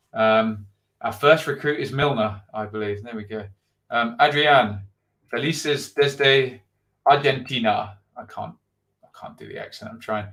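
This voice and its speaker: A man's voice: medium pitch, fairly bright tone. A middle-aged man hosting a live football stream, reading out viewer comments and thinking aloud with frequent ums. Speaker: football channel host.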